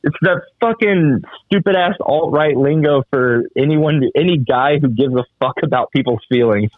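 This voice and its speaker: A man's voice: moderate pace, no room sound. A man co-hosting a casual podcast chat, talking loosely with a lot of swearing. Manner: loose, profane, laughing, jumps into high mimicking voices. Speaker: podcast co-host. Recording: dry, tinny phone-like sound.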